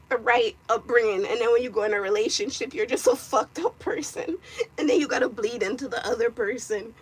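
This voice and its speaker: A young woman from Jamaica with a Jamaican accent, chatting casually and loudly while getting ready, teasing and cussing. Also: fairly high pitch, slightly rough. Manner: loud, brash and teasing, quick to cuss. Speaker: vlogger. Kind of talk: casual live chat.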